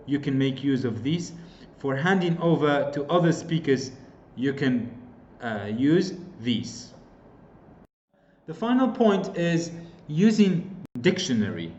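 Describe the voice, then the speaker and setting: A Kurdish-accented man teaches English skills, repeating examples and filling pauses with "uh". His fairly high voice moves a lot in pitch. The recording is roomy and a bit muffled. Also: a little mellow. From Kurdistan region of Iraq. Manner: explains with repeated examples, frequent fillers. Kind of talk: online lecture.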